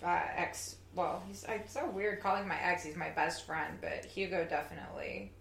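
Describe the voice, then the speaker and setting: A woman telling her own stories in an animated way, swearing now and then, in a casual group chat. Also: lowish voice, normal speed, gravelly. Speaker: guest. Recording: echoey room, faint background noise.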